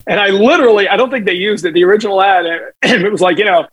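A middle-aged man, a sports broadcaster guest telling lively stories in casual podcast chat, slipping into voices for his anecdotes. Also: high voice, fast, husky, rough recording. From New England.

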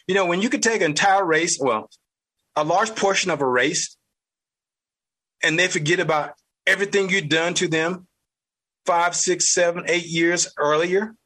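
A man with a Southern US accent, hosting a podcast with blunt, fired-up political commentary, mild cursing and a husky voice. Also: sits high, pushed and bright. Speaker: podcast host.

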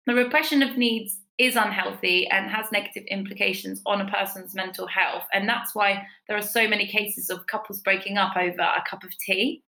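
Woman, bright voice, lively storyteller who leaps in pitch for quotes; roomy echo. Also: fairly quick, gravelly, few pauses. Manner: animated, acts out quotes with big pitch jumps. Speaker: podcast guest giving a relationship tip. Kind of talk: casual storytelling chat.

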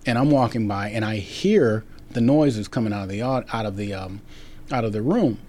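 Halting, rambling man telling stories. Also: on the low side, darkish tone, a little hiss or hum. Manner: rambling, halting, many restarts. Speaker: actor guest. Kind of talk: casual interview storytelling.

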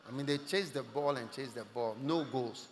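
A man preaching a sermon to a congregation, dropping to hushed asides and rising to loud shouts. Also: medium pitch, moderate pace. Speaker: pastor. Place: large church hall. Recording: long hall reverb.

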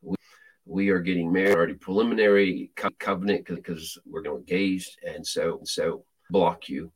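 Deep voiced guy telling a story about spiritual battle, lively, acts out the lines, keeps restarting. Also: moderate pace, breathy edge, low-quality recording. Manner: animated, acts out quotes, frequent restarts. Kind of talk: casual testimony storytelling.

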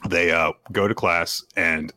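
A man's voice: sits low, steady tone, a little slow, pushed and bright. A man co-hosting a podcast, chatting casually as he recaps manga chapters, with frequent restarts and laughs. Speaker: podcast co-host.

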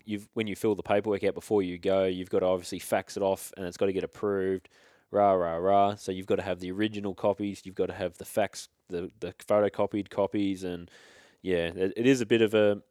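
A man's voice: sits low, flat delivery, fairly quick, a little mellow, no echo, clean studio sound. An Australian man chatting casually about his hunting trips, laid-back and rambling with slang and restarts. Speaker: hunting guest. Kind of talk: casual storytelling chat.

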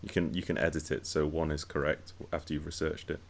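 A man's voice: rumbling low, flat delivery, gravelly. A man talking casually on a podcast, thinking aloud with frequent restarts and repeated words. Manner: thoughtful, halting, many restarts and repeated words. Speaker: podcast co-host.

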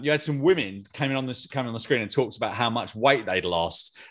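A man's voice: mid-range voice, a bit bright. A man hosting a casual review chat over an online call, with dry, sarcastic humor. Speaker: podcast host.

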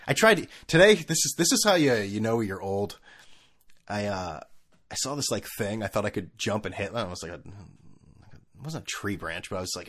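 A middle-aged man hosting a casual sports rant, animated and laughing, often mimicking people in funny voices. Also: on the low side, moderate pace.

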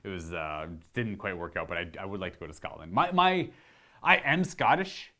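A man from Ontario, chatting casually on his channel, rambling and correcting himself and getting animated while demonstrating. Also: low voice, moderate pace. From Ontario, Canada. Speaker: video host answering viewer questions. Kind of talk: casual chat.

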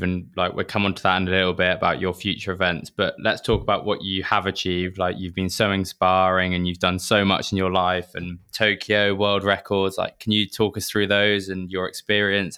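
A man's voice: low voice, bright, forceful tone, smooth. A man hosting an interview and asking friendly, enthusiastic questions. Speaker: interviewer, host. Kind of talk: casual interview chat.

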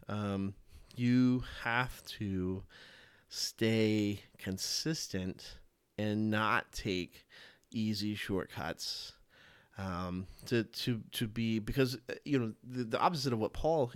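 A man's voice: slow pace, clean tone, no echo. A man hosting a solo podcast, thinking aloud about leadership with many fillers and restarts. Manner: acts out quoted voices with sudden high pitch jumps. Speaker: podcast host.

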